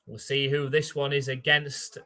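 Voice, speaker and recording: A man's voice: mid-range voice, flat delivery, sharp tone, a little hiss or hum. A man hosting a live stream, calling football plays and chatting with viewers about their backgrounds. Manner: calls plays briskly, reads out viewer chat. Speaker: livestream play-by-play host. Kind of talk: live play-by-play commentary and chat.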